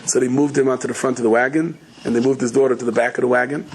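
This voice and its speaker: A middle-aged man giving a sermon as a rabbi, telling stories in a rapid, chatty, joking way. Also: mid-range voice, little pitch movement, a little hiss or hum, low-quality recording. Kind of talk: sermon with humorous storytelling.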